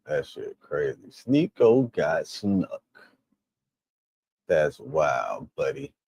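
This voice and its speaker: Animated man reacting to clips. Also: very slow, vocal fry, breathy edge, no room sound. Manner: animated, loud, laughing, acts out lines in high mocking voices. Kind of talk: casual reaction commentary.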